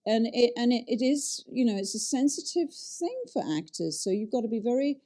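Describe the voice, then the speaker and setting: A woman who directs and once taught drama, talking in a relaxed interview with many fillers and restarts. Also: on the high side, a little fast. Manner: chatty, animated, frequent fillers and restarts. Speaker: director and acting teacher. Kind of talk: casual interview talk.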